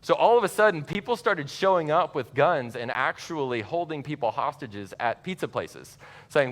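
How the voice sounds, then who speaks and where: A man gives a conversational church seminar talk to parents, lively and chatty with asides. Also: fairly high pitch, a little fast. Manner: conversational, animated, laughs at his own asides. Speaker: church speaker teaching parents. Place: church sanctuary. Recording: long reverb of a large church hall.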